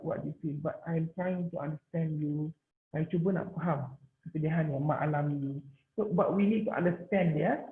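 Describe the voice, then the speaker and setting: A man with a Malaysian English accent, a paediatrics lecturer teaching online, mixing languages and restarting words often. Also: high voice. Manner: code-switches, halting repetitions. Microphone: computer mic on a video call, camera off. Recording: tinny, echoey online call audio.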